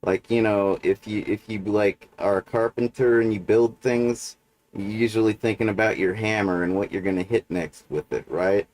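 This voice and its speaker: Rambling through a livestream monologue, a man leans on fillers and keeps asking "right?" He has a lowish, darkish voice with fairly even intonation and a normal pace.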